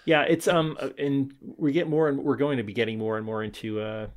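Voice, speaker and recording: Male podcast co-host, mid pitch, casual and rambling, frequent restarts. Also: flat delivery, brisk. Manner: rambling, restarts often, chuckles as he talks. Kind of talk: casual film discussion.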